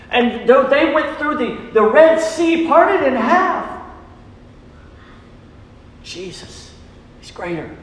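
High-voiced preacher in an echoey hall. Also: male voice, a bit bright, slight background noise. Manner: emphatic preaching with call-and-response questions. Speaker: pastor. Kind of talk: sermon. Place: church sanctuary.

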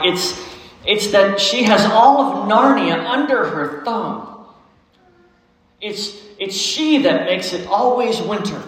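Man reading as a tearful stammering fawn, guilt-ridden, high voice, big echoey hall. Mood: hushed. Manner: sobbing, stammering. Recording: echoey hall, faint noise.

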